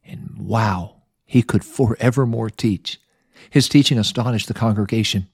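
A man's voice: on the low side, unhurried, darkish tone, slightly rough, no room sound, clean studio sound. Folksy man retelling a Bible story. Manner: folksy, playful asides. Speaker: Bible lesson podcast host.

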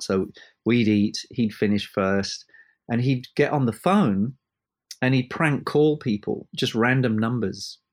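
A record producer, a man, telling animated anecdotes in an interview and acting out the voices of the people in them. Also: lowish voice. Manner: animated anecdotes, acts out quoted voices, laughs. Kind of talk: storytelling interview chat. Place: abroad from the host, evening.

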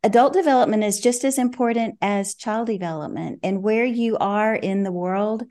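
Being interviewed on a podcast, an older parenting coach gives thoughtful, measured replies, with "you know" coming up often. She speaks at a medium pitch in a mellow voice.

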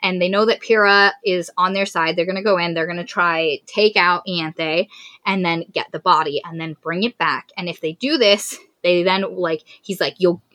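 A woman casually recapping a novel's plot as a podcast co-host, animated and acting out the characters' lines. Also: fairly low pitch, moderate pace, no echo. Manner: animated retelling with quoted voices. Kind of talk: casual chat.

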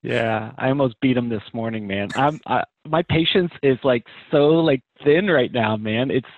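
A man's voice: medium pitch, moderate pace, no echo. A man, a father and guest on a video call, talking in a laid-back way, trailing off and laughing at himself. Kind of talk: casual chat over a video call. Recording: tinny call line.

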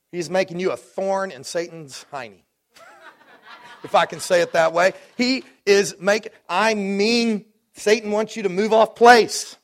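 Fervent high-voiced preacher in his forties. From Dallas, Texas. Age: 40s. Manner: preaching with rising fervor and warm asides. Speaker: pastor. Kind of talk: sermon.

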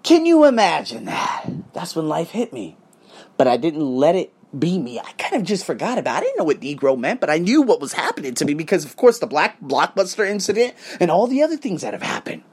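A man in his thirties hosts his own podcast, telling a rambling story full of swearing and side tangents. His voice is a bit husky, and his pitch swings widely from low mutters to high bursts. He is from Las Vegas and pauses now and then for a sip of his drink. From Las Vegas, United States. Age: 30s. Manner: animated, profane, drifts off into asides; sipping cognac while talking. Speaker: podcast host. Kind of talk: casual storytelling monologue.

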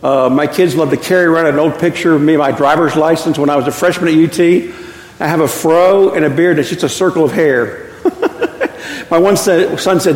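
A man's voice: on the high side, moderate pace. A man in his fifties from Texas, preaching a sermon and telling stories with chuckles at his own jokes, in a church. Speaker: pastor. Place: church sanctuary. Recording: echoey hall with long reverb.

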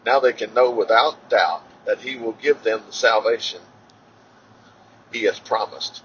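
A man reading scripture aloud in a halting way, with fillers and self-corrections. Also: medium pitch, fairly bright tone, slight background noise. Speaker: Bible reader. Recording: dull lo-fi recording.

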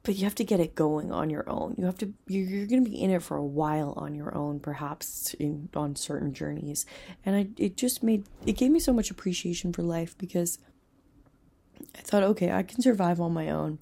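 A young woman with a low, mellow, husky voice and a gravelly edge talks earnestly about self-improvement. She rambles warmly through her points, now and then sinking to a soft whisper. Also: fairly even intonation, normal speed. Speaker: self-help podcast host. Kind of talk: casual motivational talk.

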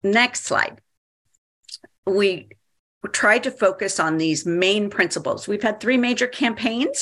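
Chatty, bright-voiced woman presenting. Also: mid-range voice. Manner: chatty, hesitant, many fillers. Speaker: activist and organization founder presenting. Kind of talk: workshop presentation.

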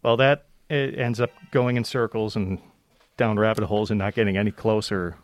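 A man's voice: on the low side, steady tone, moderate pace, no echo. A man who narrates audiobooks, casually explaining his methods in an easygoing, lightly profane way. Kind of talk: casual interview chat.

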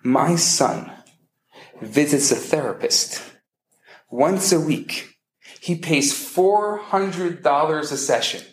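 A man's voice: on the high side, takes it slowly, roomy sound, low-quality recording. A man voicing a bragging elderly Jewish mother who gushes about her son, in a joke told to a lecture audience. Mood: smug. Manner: gushing, emphatic repetition.

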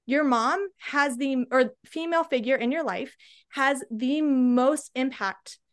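A woman's voice: high voice, takes it slowly. A woman guest, a body-confidence coach, speaking with passion and emphasis in an interview. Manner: energetic, emphatic, tag questions like "right?".

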